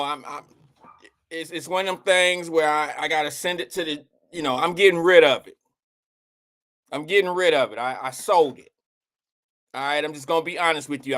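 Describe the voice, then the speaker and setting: High-voiced man chatting on a live stream. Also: a bit bright. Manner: rambling, candid, talks straight to chat by name. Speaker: live show host. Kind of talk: casual live-stream chat. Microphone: live-stream microphone.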